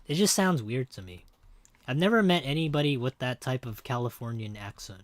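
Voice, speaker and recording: A man's voice: mid-range voice, expressive, normal speed, no room sound. A man streaming a game, chatting casually and jokingly with his viewers in a rambling way. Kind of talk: casual livestream chat.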